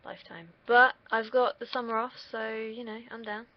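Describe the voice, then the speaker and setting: A woman's voice: a little high, little pitch movement, moderate pace. A young woman rambling casually on a livestream, drifting off on tangents and swearing now and then. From United Kingdom. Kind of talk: casual rambling stream chat. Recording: dull lo-fi stream mic.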